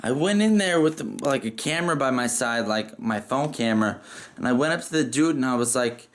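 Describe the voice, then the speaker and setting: A man's voice: mid-range voice, fairly quick. A man telling a story casually, rambling and profane, with lots of "like" fillers.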